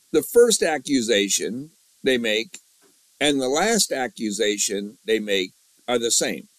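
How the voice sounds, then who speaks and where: Man, Bible study teacher, mid-pitched voice, dry close sound, repeats key lines. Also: no room sound, rough recording. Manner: repeats key lines, asks the class questions. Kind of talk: Bible lesson with an outline.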